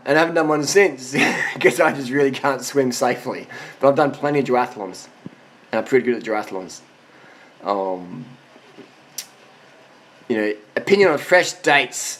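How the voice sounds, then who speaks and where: A man of forty giving blunt, profane answers to viewer questions in a casual monologue, worn out after a long ride. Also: medium pitch. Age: 40s.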